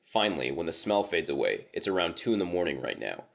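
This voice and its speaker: A man with a very low, deep voice narrates a first-person horror story. His delivery is casual and loose, and the swearing falls easily into the telling. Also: big pitch swings, fast, vocal fry, a bit bright.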